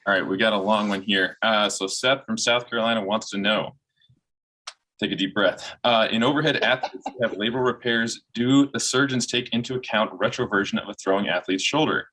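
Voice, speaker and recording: A man's voice: on the low side, bright, forceful tone, poor audio. A young man, a physical therapy student, reading a long listener question aloud straight through. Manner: brisk, reads straight through.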